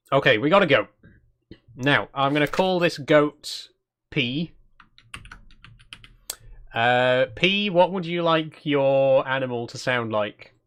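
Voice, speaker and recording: A man's voice: medium pitch, animated, takes it slowly, long pauses, a bit bright, clean tone. Easygoing male cozy-game channel host. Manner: easygoing, self-conscious, chatty with viewers. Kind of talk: casual gameplay commentary.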